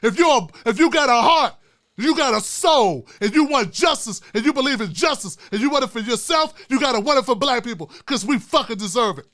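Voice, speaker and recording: A middle-aged man hosting his own online show, ranting with fiery, profane, preacher-like repetition and swinging from hushed asides to shouting. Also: very high voice, animated, a little fast. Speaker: YouTube show host. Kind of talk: impassioned vlog rant.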